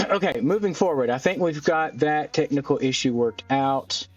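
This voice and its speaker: A man casually narrating his own gameplay, thinking aloud and filling pauses with ums as he goes. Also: fairly high pitch, distant mic. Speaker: gaming channel host. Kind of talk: casual let's-play commentary. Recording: dull lo-fi mic a bit off, faint music. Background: faint background music.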